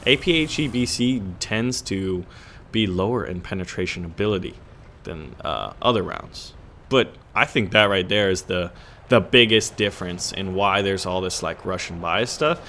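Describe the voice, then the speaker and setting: A man's voice: low-pitched, animated, normal speed, pushed and bright, a little hiss or hum. A man hosting a gaming channel, chatting casually over his gameplay in a rambling, joking way with lots of fillers and restarts.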